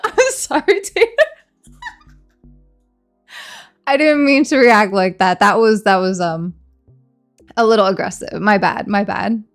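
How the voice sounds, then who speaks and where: Woman streamer chatting + eating on stream, teasing, laughs a lot, mid pitch, quiet music behind. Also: expressive, takes it slowly, pauses often. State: hungry, eating during stream. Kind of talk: casual live-stream chat.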